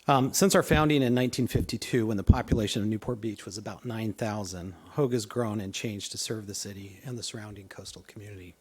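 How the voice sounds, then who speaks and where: A man's voice: on the low side, quick pace, hardly any pauses, slightly rough. A man who heads a hospital giving a formal, confident prepared statement to a city council. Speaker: hospital chief executive.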